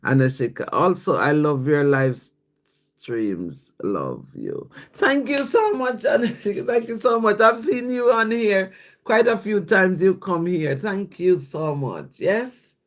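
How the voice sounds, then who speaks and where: A livestream host talking slowly and unhurriedly, with a pitch that rises and falls a great deal. The delivery is a casual devotional chat, full of thanks to viewers by name and a questioning "yes?" after each thought. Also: lively intonation. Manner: reads scripture and viewer comments aloud.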